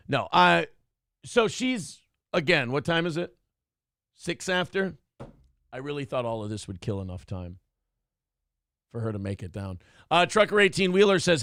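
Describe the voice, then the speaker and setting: A man's voice: a little high, big pitch swings, normal speed, pauses often, a bit bright, no room sound, studio quality. A man hosting a morning show, chatting casually in a rambling, self-deprecating way and reading chat comments aloud. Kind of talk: casual live-stream chat.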